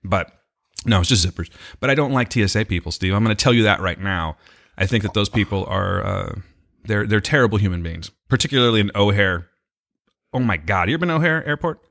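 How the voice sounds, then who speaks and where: A man's voice: on the low side, brisk, creaky, a bit bright. A young man co-hosting a casual podcast, telling a rambling story with laughs and profanity. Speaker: podcast co-host. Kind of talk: casual chat.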